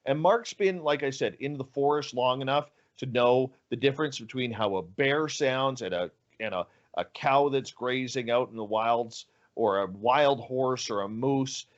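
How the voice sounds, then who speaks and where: Animated male storyteller, lo-fi sound. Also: mid-range voice, normal speed, hardly any pauses. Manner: animated storyteller acting out dialogue. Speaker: guest, radio show host. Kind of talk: telling a story in an interview.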